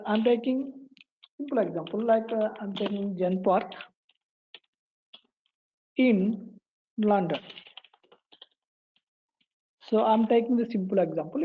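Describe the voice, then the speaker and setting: A woman walking through a coding tutorial, pausing and repeating phrases as she types. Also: medium pitch, highs cut off, slight background noise. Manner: halting, repeats phrases while typing. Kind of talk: screen-recorded coding tutorial.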